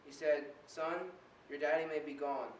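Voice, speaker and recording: A man's voice: on the high side, steady tone, unhurried. A teenage boy performing a spoken word poem with an earnest, rhythmic delivery. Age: teens. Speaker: slam poet. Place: indoor performance room. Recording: roomy, distant mic with faint hiss.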